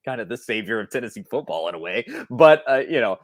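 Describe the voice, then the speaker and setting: A man's voice: medium pitch, animated, moderate pace, no echo, studio quality. A man co-hosting a sports podcast, talking casually and thinking aloud with frequent restarts. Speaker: podcast co-host.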